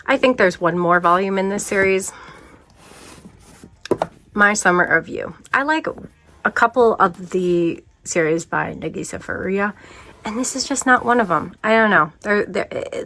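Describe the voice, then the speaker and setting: A woman manga vlogger in casual, rambling chat, self-deprecating and often trailing off into quieter asides. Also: mid-range voice, moderate pace, a little hiss or hum.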